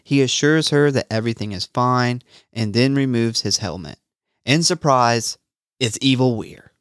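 A man's voice: medium pitch, a little slow, fairly bright tone, no echo, clean studio sound. A man co-hosting a casual podcast, recapping a movie and reading trivia in a laid-back way with frequent laughs. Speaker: podcast co-host.

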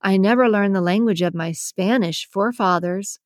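A woman's voice: medium pitch, moderate pace, dry recording, close to an everyday voice. A woman reading a story, voicing a sensible young waitress who answers with wry, dry retorts.

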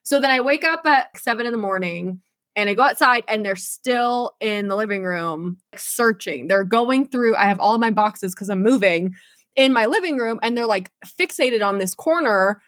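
A young adult woman co-hosting a podcast, telling an animated, profane story with frequent laughs in casual chat. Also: a little high, moderate pace, no echo. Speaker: podcast co-host.

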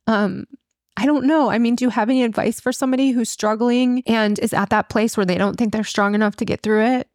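A woman's voice: fairly high pitch, steady tone, fairly quick, darkish tone, no room sound, clean studio sound. A woman hosting a casual podcast interview, supportive and affirming as she talks with her guest. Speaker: podcast host.

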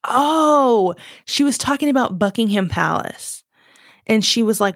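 A woman's voice: mid-range voice, lively intonation, normal speed, dry recording, studio quality. A woman in her twenties from Virginia with a light Southern accent, chatting on her own show in a rambling, self-mocking way full of fillers. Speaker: podcast host. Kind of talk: casual solo chat.

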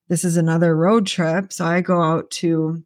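Woman podcaster, lowish voice, rambling and animated, swears, dry close recording. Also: normal speed, no room sound. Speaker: podcast host. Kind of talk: casual storytelling monologue.

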